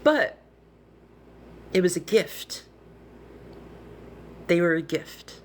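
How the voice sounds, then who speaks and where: A woman speaks into her phone on a live stream, her voice sitting a little low. She is earnest and heartfelt, often restarting her sentences and sounding close to tears. A faint hum of the room sits behind her. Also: fairly even intonation, slow pace. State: tearful, emotional. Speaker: livestreamer. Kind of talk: emotional live-stream monologue.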